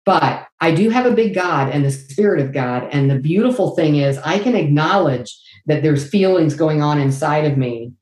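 A woman's voice: low-pitched, expressive, moderate pace, few pauses, darkish tone. A middle-aged woman answering an interview question in an earnest, candid way, acting out quotes of her own past words. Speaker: guest. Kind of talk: faith-based interview answer. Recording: echoey room.

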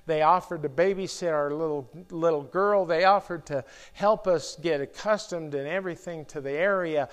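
A middle-aged man preaching a sermon in a church, talking in a slow, halting way with many restarts and fillers. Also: fairly high pitch. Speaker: pastor.

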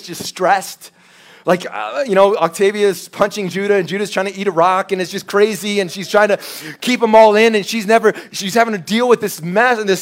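A man in his thirties preaches with a notably high voice. He talks candidly and conversationally, acting out little quotes as he tells his stories from the pulpit. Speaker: pastor. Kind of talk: sermon.

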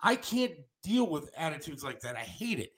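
A man's voice: on the high side, big pitch swings, normal speed, fairly bright tone, breathy edge. A man hosting a talk show trades heated blows with his co-host, his voice sitting well above most men's. He talks bluntly and accusingly and repeats his points over and over. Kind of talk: heated on-air argument.

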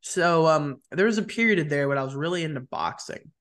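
A man's voice: on the high side, a little fast. Laid-back guy chatting with a friend. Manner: relaxed, short back-channel replies, "bro" and "dude". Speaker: podcast co-host. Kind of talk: casual chat.

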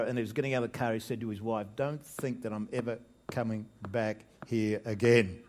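An Australian man preaching from the pulpit with a mid-range voice that swells loudly on key words. He tells jokes, breaks off and restarts his sentences, and keeps an easy, lively sermon rhythm. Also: mid-range voice. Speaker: pastor.

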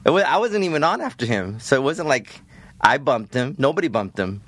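A man's voice: mid-range voice, sing-song, a little fast, a bit bright, no echo. A man, a comedian guest, telling a story casually and peppering it with "bro" and "like". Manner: laid-back, full of "bro" and "like".

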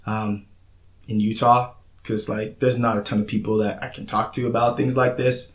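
A man's voice: on the low side, level tone, moderate pace. A man earnestly and reflectively recounting his own experiences in a casual conversation, with frequent "like" fillers. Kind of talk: casual personal account.

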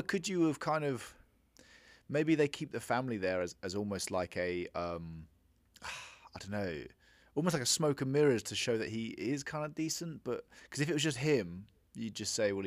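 A man's voice: medium pitch, lively intonation, moderate pace, no echo. Hesitant man, dry sound. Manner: hesitant, many restarts and trailing off. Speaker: film review co-host. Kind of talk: casual movie review chat.

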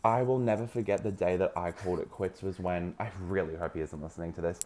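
A man's voice: deep voice, steady tone, quick pace, over a noisy crowd. A man, telling a dating story in a dramatic, gossipy way with lots of swearing. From Australia. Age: early 20s. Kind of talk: casual gossipy chat.

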